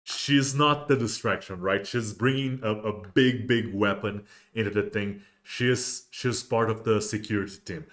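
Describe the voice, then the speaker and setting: Rambling man, low voice. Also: moderate pace, hardly any pauses, fairly bright tone. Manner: rambling, with many restarts and fillers. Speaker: host of a miniatures livestream. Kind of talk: casual livestream chat.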